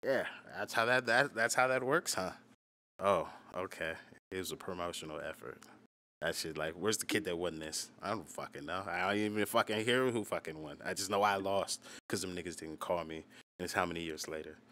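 A young man with a low, deep voice talks through a casual storytime, swearing freely and leaning on filler words as he rambles. He is self-deprecating and offhand, and a faint hiss sits under the recording. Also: brisk, sharp tone. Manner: loose and profane, heavy on "like". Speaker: rapper and channel host. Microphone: solo voice recording.

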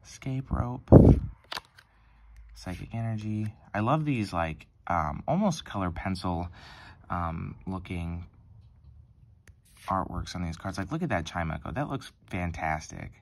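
A young man hosting a card-opening vlog, talking softly and hesitantly with lots of ums as if still sleepy. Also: deep voice, expressive, measured pace, long pauses. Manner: soft-spoken and hesitant, many ums and likes, near-whispering. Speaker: card-opening channel host. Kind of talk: casual pack-opening vlog.

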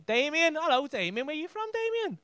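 A man's voice: very high-pitched, big pitch swings, brisk, bright, forceful tone, no echo. A man with a Liverpool accent doing brash, sweary stand-up crowd work from a club stage. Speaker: stand-up comedian.

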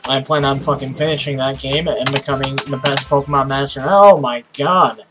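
A tired young man giving casual, profane commentary while playing a game, with sudden excited outbursts. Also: mid-range voice, fairly quick, background noise. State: tired, sleepy voice. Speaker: let's play host.

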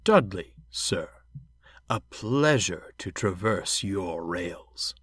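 A polite, formal steam engine speaks slowly and carefully, voiced by a man. The voice sits low and unhurried, with courteous, measured phrasing. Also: lively intonation, fairly bright tone, slightly rough, no echo, full character voice.

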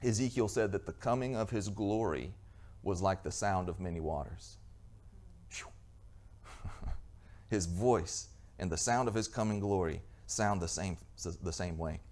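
A man's voice: deep voice, moderate pace, a little mellow. A man preaching a sermon as pastor, earnest, with frequent restarts and rhetorical questions to the congregation.

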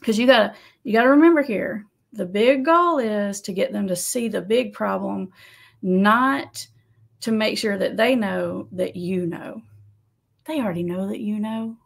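A woman who works as an addiction counselor, giving casual advice to camera in a conversational, animated way. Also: medium pitch, a little slow, vocal fry. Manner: conversational, animated, laughs often, acts out quotes.

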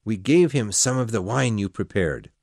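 A man voicing a sly male village post officer who speaks in a hushed way. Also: on the low side, animated, moderate pace, no echo, studio quality.

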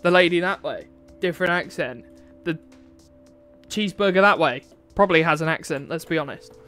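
A man's voice: a little high, a little fast, faint music behind. A man from Newcastle, chatting casually and rambling through asides while playing a racing game. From Newcastle, England. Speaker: gaming channel host. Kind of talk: casual gameplay commentary. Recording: loud racing game engine noise behind. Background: race car engines from the game.

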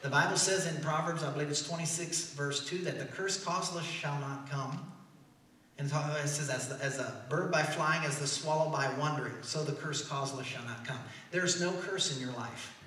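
A man with a Midwestern American accent, a pastor preaching an animated sermon that swings between loud declarations and soft asides. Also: a little high, moderate pace, far from the mic, a little hiss or hum. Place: large church hall. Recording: echoey church hall, heard from afar.

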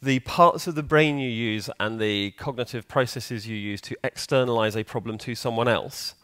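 A man's voice: medium pitch, moderate pace, a bit bright, clear, resonant tone, no room sound. A man giving a conference talk in a conversational way, often putting questions to the audience. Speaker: conference speaker. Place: conference hall.

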